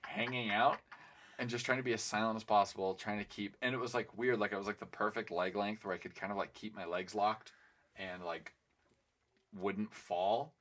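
Young man, podcast co-host, low pitch, playful, rambling, casual chat. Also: normal speed. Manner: rambling storyteller, animated, playful.

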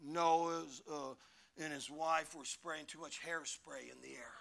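A man preaching a sermon with emphatic call-and-response, now and then breaking into shouts. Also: on the high side, steady tone, takes it slowly, creaky. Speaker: pastor.

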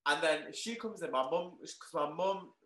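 A young man who owns a clothing shop, telling a story in an interview, excitable and full of "like". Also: on the high side, measured pace. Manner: excitable, peppered with "like", animated retelling. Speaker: guest, clothing shop owner. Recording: roomy echo.

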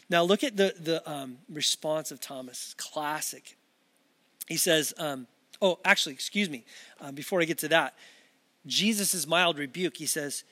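Speaking at a normal speed, this male pastor has a noticeably high voice with a fairly bright tone. He delivers a sermon to a camera in an earnest, conversational way, often restarting sentences and adding casual asides.

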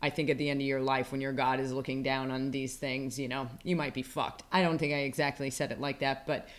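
A woman's voice: very deep voice, level tone, brisk. A woman co-hosting a casual podcast chat, ranting with heavy profanity and sarcasm. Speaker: podcast co-host.

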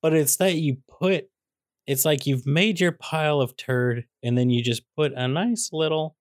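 A man's voice: on the high side, a little slow, dry recording. Man, casual movie podcast, teasing, mock-exasperated, emphatic, dry close sound. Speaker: podcast co-host. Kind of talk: casual comedic movie chat.

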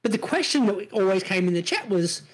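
A middle-aged Australian man in loose, profane podcast banter, laughing as he goes. His pitch swings widely, and the voice has a slightly husky edge. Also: lively intonation, brisk. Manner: laughing, swearing, playful. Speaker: podcast co-host. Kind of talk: casual banter.

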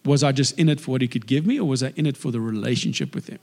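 Man preaching in a reverberant hall. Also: very fast. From South Africa. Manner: animated, acts out quoted voices with big pitch jumps. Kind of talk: sermon storytelling. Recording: long reverb of a large hall.

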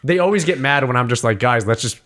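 A young man with a New York accent, telling stories in a casual chat, animated, laughing often and swearing freely. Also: mid-range voice, fast talker.

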